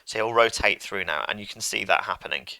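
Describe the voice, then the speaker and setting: A man's voice: on the low side, brisk, sharp tone, no room sound. A man teaching a coding lesson to pupils, chatty and playful as he talks through each step on a computer microphone. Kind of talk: screen-recorded coding lesson.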